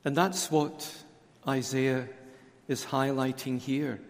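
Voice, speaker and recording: Slow, deliberate preacher in a reverberant hall. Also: male voice, medium pitch, flat delivery. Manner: slow, deliberate, emphatic repetition. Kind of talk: conference sermon. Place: conference hall.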